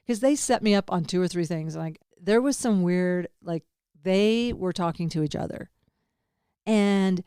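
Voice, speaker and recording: A woman's voice: medium pitch, a little slow, dark tone, smooth, dry recording, studio quality. A woman hosting a podcast, talking through a personal story in a candid, rambling way, swinging between laughter and grief and swearing casually. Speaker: podcast host. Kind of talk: personal monologue.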